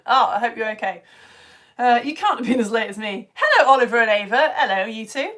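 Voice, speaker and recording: Bubbly, lively-voiced British woman teacher. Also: fairly high pitch, quick pace. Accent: British English. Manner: bubbly, chatty, laughs often. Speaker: online science teacher for home-educated children. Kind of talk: reading out live chat messages to viewers.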